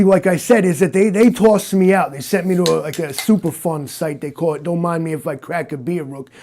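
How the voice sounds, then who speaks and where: Brief: man putting on a brash, gravelly-voiced male cyborg posing as a hard-boiled detective; talks down to people, pitched up. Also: mellow. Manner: boastful, condescending, tough-guy talk. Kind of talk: improvised comic interview.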